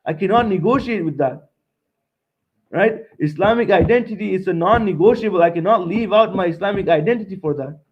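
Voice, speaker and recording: A man's voice: high-pitched, fairly quick, breathy edge, dull audio. A young man from Montreal giving a seminar lecture, speaking emphatically, repeating his points and tagging them with "right?". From Montreal, Canada.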